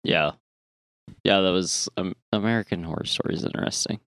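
A man's voice: low-pitched, a little fast, fairly bright tone, no echo, clean studio sound. A man co-hosting a podcast in casual chat, laid-back with lots of fillers. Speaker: podcast co-host.

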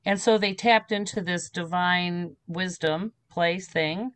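A middle-aged woman talks with a fairly low voice, a medium explaining her ideas in a relaxed interview. She slips into small voiced asides for the people in her stories. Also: slow pace, clear, resonant tone, dry recording. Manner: animated storyteller, acts out voices. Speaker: spiritual medium, interview guest. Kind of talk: casual storytelling interview.

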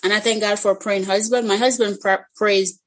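A woman's voice: mid-range voice, fairly even intonation, brisk, poor audio. Earnest woman sharing a heartfelt testimony. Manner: earnest, heartfelt storytelling with frequent restarts. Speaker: guest. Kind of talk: emotional personal testimony.

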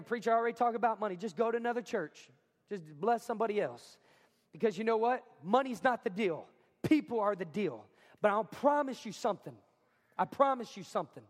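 A male pastor with a high voice preaching to his congregation in a school cafeteria. He talks with energy and stresses key lines, often saying them twice. The sound carries a long reverb, as in a large hall. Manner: energetic, emphatic, repeats lines for effect. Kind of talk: sermon. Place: school cafeteria or gym used as a church.

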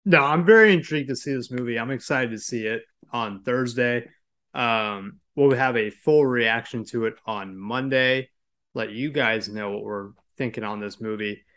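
A man's voice: mid-range voice, moderate pace, fairly bright tone. A man hosting a casual podcast about film and TV who asks questions and keeps the talk moving. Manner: leads the talk, asks questions, moves topics along. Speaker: podcast host.

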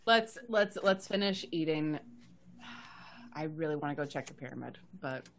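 A woman chatting casually as a player in a tabletop game, lively and quipping. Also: sits low, moderate pace.

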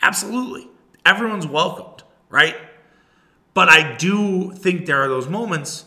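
A man's voice: high-pitched, unhurried. A man in his thirties hosting a podcast alone, ranting casually and profanely straight to his listeners. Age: 30s. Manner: profane, animated, talks to listeners directly. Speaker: podcast host. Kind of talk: casual solo podcast rant.

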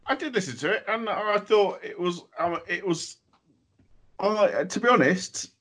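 A man's voice: high-pitched, expressive, unhurried, fairly bright tone. A man co-hosting a comedy podcast, teasing and rambling as he talks. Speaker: podcast co-host.

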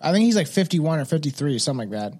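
A man's voice: on the high side, big pitch swings, racing, darkish tone, breathy edge. A man hosting a podcast in casual, rambling, slangy chat, laid back and swearing freely. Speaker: podcast host.

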